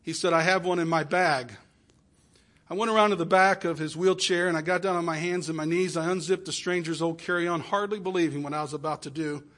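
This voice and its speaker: High-voiced man telling an emotional sermon story. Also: fairly even intonation, fast talker, few pauses. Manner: emotional retelling in first person, swinging from soft pleading to loud exclamations. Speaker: preacher.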